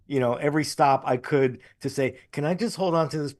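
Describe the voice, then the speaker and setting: Relaxed man telling stories on a call. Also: a little high, a little fast. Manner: relaxed anecdotal storyteller, many restarts. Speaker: guest. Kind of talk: casual interview storytelling. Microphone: video call.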